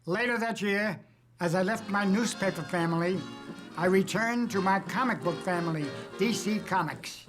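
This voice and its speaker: An older American cartoonist recalls his career in documentary interview narration, telling wry anecdotes with dry jokes. His voice is high, his pace moderate, and music plays underneath.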